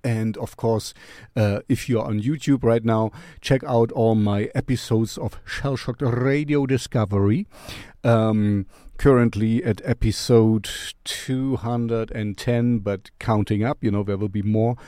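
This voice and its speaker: A man's voice: fairly low pitch, steady tone, measured pace, mellow, no echo, clean studio sound. A man hosting his own music channel, giving a casual song recommendation with chatty, playful self-mocking humor.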